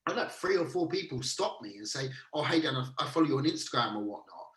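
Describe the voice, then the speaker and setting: A man's voice: on the high side, animated, quick pace, fairly bright tone, far from the mic. A man co-hosting a casual podcast chat, laid-back and chatty, swearing now and then. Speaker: podcast co-host. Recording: roomy echo, speaking from off-mic.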